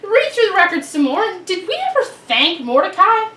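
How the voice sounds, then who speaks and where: A woman plays a relaxed, good-natured king in a children's Bible story, chatting in a high voice. The sound is roomy and heard from a distance, with faint background ambience. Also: normal speed, full character voice. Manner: casual, chatty storyteller phrasing. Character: ancient male king, easygoing, grateful.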